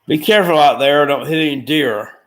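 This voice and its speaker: A man's voice: fairly high pitch, brisk, fairly bright tone. A man hosting a live watchalong from home, reading out chat comments in a rambling, folksy and profane way. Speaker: livestream watchalong host.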